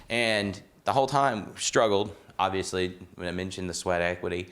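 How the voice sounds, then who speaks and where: A man hosting a podcast, telling a story in a casual, rambling and animated way, laughing as he goes. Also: low voice, moderate pace, few pauses. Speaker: podcast host and real estate coach.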